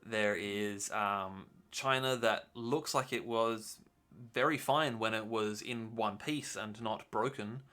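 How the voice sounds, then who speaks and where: A man narrating as game master, relaxed and hesitant with many fillers. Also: lowish voice, slow pace.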